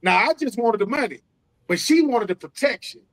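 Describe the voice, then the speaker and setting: A man in his forties with a notably high speaking voice chats on a sports podcast. He is animated and slangy, and he keeps acting out the people in his stories. He sounds like a former player talking shop with his co-hosts. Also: fairly quick, low-quality recording. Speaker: co-host, former football player. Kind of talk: casual sports podcast chat. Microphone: streamed remote call.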